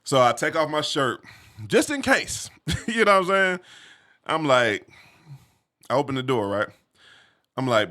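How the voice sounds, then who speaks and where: A man casually telling a personal story, animated, full of slang and "you feel me" asides. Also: fairly high pitch, measured pace, pauses often.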